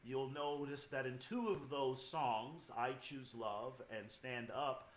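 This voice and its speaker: A male host speaks in measured, carefully phrased sentences over a video call. His voice sits at an ordinary middle pitch and sounds roomy and reverberant, with a faint hiss behind it. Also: fairly bright tone. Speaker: host, associate artistic director of a choir. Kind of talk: interviewing guests on a video call.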